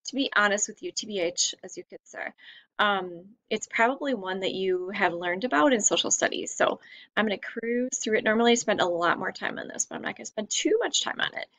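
A woman's voice: medium pitch, brisk, no echo, poor audio. Chatty, tired woman teacher, dry sound. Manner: chatty, warm and rambling, with frequent fillers. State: tired late at night. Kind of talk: recorded online lesson.

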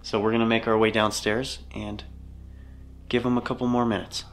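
A man hosting a ghost-hunting vlog, speaking in a hushed, low voice to spirits inside a large old building. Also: little pitch movement, moderate pace, vocal fry. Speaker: paranormal investigator host. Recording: echoey hall with faint noise.

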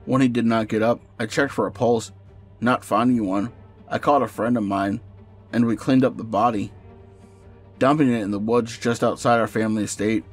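A man narrating a first-person horror story in a steady storytelling voice over faint music. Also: fairly low pitch, normal speed.

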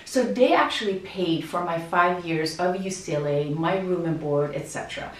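A woman in her thirties chatting casually to viewers in a home vlog, animated and direct. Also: lowish voice, normal speed, reverberant, far from the mic, rough recording. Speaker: vlogger. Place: house interior.

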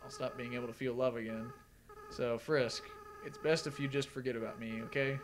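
A man reading aloud as a remorseful, tearful young goat-monster boy, in a soft, earnest and halting way. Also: mid-range voice, fairly even intonation, background noise, natural voice. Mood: sad.

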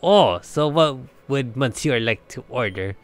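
A man's voice: medium pitch, lively intonation, measured pace, close to an everyday voice. A man voicing an overly polite male ship's waiter in a mock French accent.

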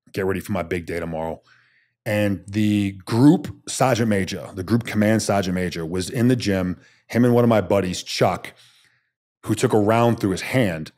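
A man's voice: fairly low pitch, darkish tone. A man, a former soldier, telling his story bluntly and emphatically as a podcast guest, swearing casually.

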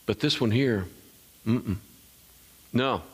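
Preaching pastor with soaring swings. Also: male voice, takes it slowly, husky. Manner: preaching with wide swings, rising high in emphasis and dropping low and soft; call-and-response asides to the congregation. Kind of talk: sermon.

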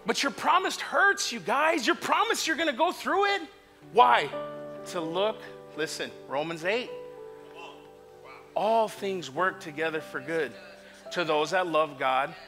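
Male pastor, high bright voice, fervent sermon that swings from hushed to shouting. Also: animated, measured pace, soft background music. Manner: impassioned, swings from quiet to shouting. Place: church sanctuary.

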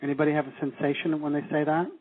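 A man's voice: a little high, level tone, rapid-fire, slightly rough, dry recording. A man teaching a live seminar, coaching the audience and asking them questions. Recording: tinny phone-like live audio.

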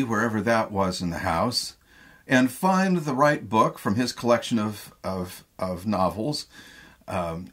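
Husky man, middle-aged, theatre professor, deliberate lecture, thoughtful, repeats words. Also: medium pitch, fairly bright tone. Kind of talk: lecture on a play.

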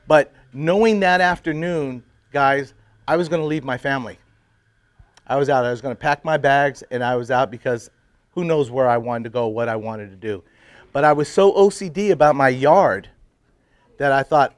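A middle-aged man telling his personal faith story to a men's group, drifting into hushed, emotional moments. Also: medium pitch, moderate pace, no echo. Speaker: testimony speaker at men's breakfast.

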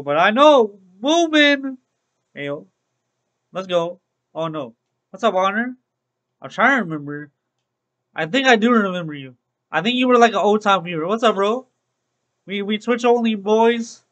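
Over poor audio, a young streamer with a high-sitting, sharp-toned voice chats happily with his live chat while playing. It's casual Let's Play commentary peppered with repeated phrases like "bro."

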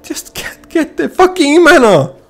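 A man's voice: extremely high pitch, big pitch swings, unhurried, a bit bright, soft background music. A man ranting and swearing constantly while playing a card game, frustrated and repeating himself. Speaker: gamer. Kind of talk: ranting gameplay commentary.

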